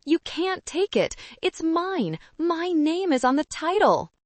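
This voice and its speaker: A woman's voice: extremely high pitch, very animated, slow pace, no echo, pitched above the performer's own voice, exaggerated voice. A woman voicing a spoiled young man who screams and wails in a panic. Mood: frantic. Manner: screaming, wailing, sobbing.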